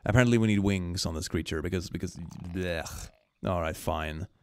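A man streaming a game, commenting casually and excitably, swinging between gushing and mumbling with frequent laughs. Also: low voice, normal speed, clean tone, no echo, studio quality.

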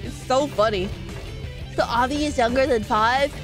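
Music plays in the background as a high-pitched woman talks at a moderate pace. She's a streamer casually chatting with viewers, teasing them in fun and laughing often.

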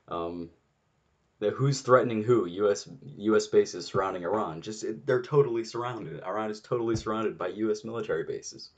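A man's voice: on the low side, lo-fi sound. A man giving an unscripted solo political rant, exasperated and sarcastic, swearing often and restarting his sentences. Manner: many restarts and fillers. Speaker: political commentator.

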